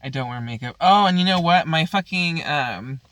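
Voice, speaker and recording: A woman's voice: low-pitched, expressive, moderate pace, no room sound. Crude, rambling woman vlogger. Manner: crude, profane, rambling with constant fillers. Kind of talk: casual storytelling chat.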